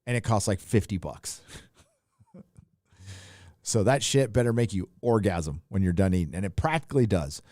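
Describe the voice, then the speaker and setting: A man's voice: on the low side, expressive, normal speed, pauses often, darkish tone, no room sound, clean studio sound. Profane rambling man on a handheld mic. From California. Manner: loose, rambling and profane, with frequent filler. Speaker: live stream host reading super chats. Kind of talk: casual profane live-stream chat.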